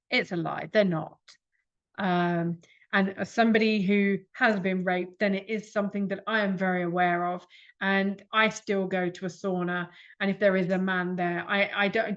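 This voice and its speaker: A woman giving an earnest reflective talk, pressing her listeners with rhetorical questions. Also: mid-range voice. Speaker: speaker. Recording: dull lo-fi recording.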